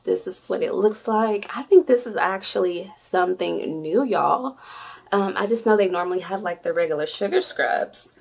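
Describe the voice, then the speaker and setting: Gushing woman with a gravelly edge. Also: medium pitch, expressive, normal speed. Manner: effusive, squeals with delight, chatty. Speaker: beauty vlogger. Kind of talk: excited unboxing vlog.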